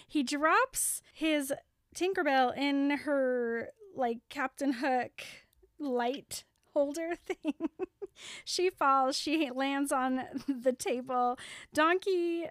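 A young adult woman co-hosting a casual chat, chatty and quick to laugh, with frequent fillers. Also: sits high, a bit bright, dry recording, studio quality. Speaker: podcast co-host.

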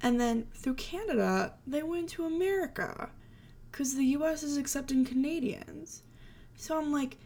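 A woman's voice: high voice, expressive, moderate pace, vocal fry. A young adult woman hosting a solo podcast, talking in a chatty, casual way with lots of "like" fillers. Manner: chatty, full of "like" and "you know" fillers. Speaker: podcast host.

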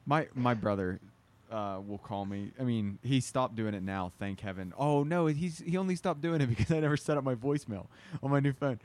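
A man's voice: medium pitch, fairly quick. A man chatting casually with friends, telling stories in a rambling way and mimicking other people's voices. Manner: rambling, animated storyteller who mimics others. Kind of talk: casual chat.

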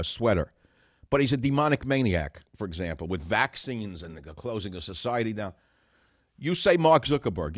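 A man hosts a talk radio show in a low voice that swings widely up and down. He rambles and riffs sarcastically, firing off rhetorical questions. The studio sound is dry and close. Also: no room sound. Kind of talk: political talk radio monologue.

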